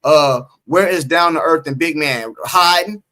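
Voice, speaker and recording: A man's voice: fairly high pitch, unhurried, pushed and bright. A man co-hosting a casual post-game sports stream, reading the chat and talking emphatically, repeating his points and teasing viewers. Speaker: sports talk co-host.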